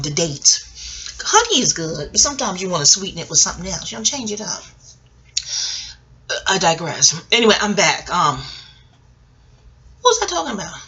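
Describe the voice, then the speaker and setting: A woman's voice: lowish voice, bright, forceful tone. A middle-aged woman vlogging in a casual, rambling way, digressing, laughing often and swearing freely.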